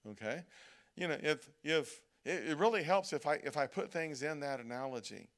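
A man preaching in a slightly high voice, speaking to his congregation in an easy, conversational tone. He pauses again and again for a quick "okay?" and draws out the verses he quotes so they land. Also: animated. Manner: conversational preaching, frequent "okay?" check-ins, slows to stress quoted verses. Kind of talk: sermon. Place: church service.

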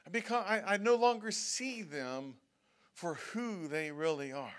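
A man's voice: high voice, expressive, a little slow, a bit bright. A male pastor preaching a sermon in a church, talking conversationally, often checking in with "okay?" and acting out prayers and whining voices. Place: church sanctuary.

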